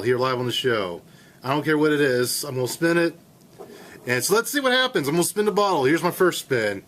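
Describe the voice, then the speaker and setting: A young man in his late twenties hosts a college radio show live from a campus studio. His voice sits a little high, and he clowns around in a goofy, playful way. He sounds like he is riffing, not reading a script. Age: late 20s. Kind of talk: casual comedic radio hosting.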